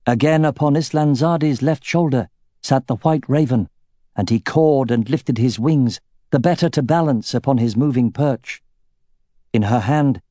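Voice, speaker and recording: Mellow male audiobook narrator. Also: mid-range voice, dry recording, clean studio sound. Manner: measured, steady storytelling. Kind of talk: scripted fantasy narration.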